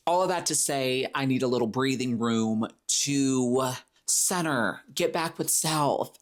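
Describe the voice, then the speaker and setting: A man hosting his own podcast alone, talking casually and playfully, dropping into comic voices when he quotes people. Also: mid-range voice. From Florida. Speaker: podcast host. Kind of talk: solo podcast monologue.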